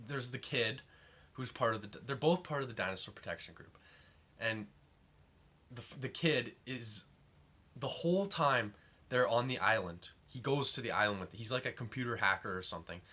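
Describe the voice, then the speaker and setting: A man's voice: medium pitch, pushed and bright, husky. A young man giving a casual, rambling film review, full of fillers and exasperation.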